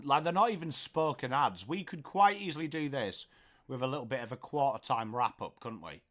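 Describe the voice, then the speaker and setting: A man's voice: mid-range voice, fairly quick. A man with an English accent hosting a live football watchalong, commentating on play and chatting to viewers in the comments. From England. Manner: chatty, reads viewer comments aloud, gets excited at goals. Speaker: livestream watchalong host.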